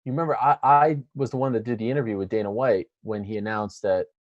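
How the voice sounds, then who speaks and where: A man's voice: on the low side, fast, dry recording, lo-fi sound. A man interviewing a guest, telling a long story in casual chat and acting out what people said. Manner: animated storyteller acting out quotes.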